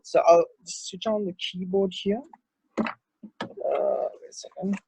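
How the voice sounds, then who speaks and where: A man teaching a singing workshop over a video call, explaining in a relaxed, halting way between short sung demonstrations. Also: high-pitched, vocal fry, breathy edge. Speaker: guest vocal coach.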